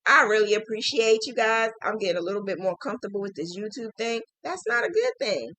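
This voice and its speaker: A woman hosting a casual live stream, warmly thanking viewers in quick, emotional, laughing bursts. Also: medium pitch, sing-song, dry recording. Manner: gushing, effusive thanks to viewers. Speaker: host of a crochet business livestream.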